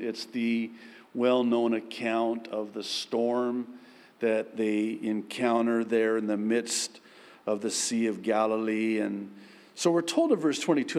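A man preaching a sermon, unhurried, with sudden animated outbursts. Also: medium pitch. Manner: slow, building to animated outbursts. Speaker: pastor. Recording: long hall reverb.

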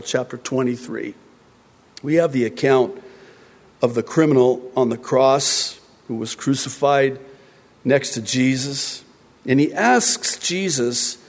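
A man preaching a sermon, emphatic and growing heated as he drives his point home. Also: darkish tone. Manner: emphatic, grows heated and rises in pitch. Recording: long reverb of a large hall.

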